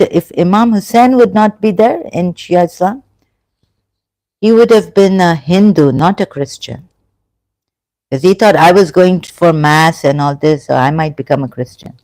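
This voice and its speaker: A host from England talking through a religion discussion in a casual live chat, halting and thinking aloud as they go. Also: medium pitch, warm tone, no echo.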